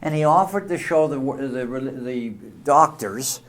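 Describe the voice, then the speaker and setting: A man's voice: mid-range voice, takes it slowly. Emphatic man giving a religious talk. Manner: emphatic, sweeping swings in loudness. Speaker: speaker.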